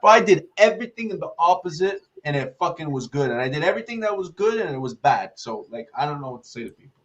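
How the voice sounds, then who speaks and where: A man's voice: a little high, sing-song, fast. A man heard through dull, lo-fi audio, talking casually on a podcast roundtable. He tells stories and acts out his friends' lines as he goes. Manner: storytelling, acts out quoted friends.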